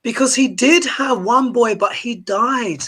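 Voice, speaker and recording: A man hosting a casual chat and telling stories in an animated, chatty way. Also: extremely high pitch, measured pace, a crowd in the background. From Britain. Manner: animated, chatty storytelling with many "you know" fillers. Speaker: host.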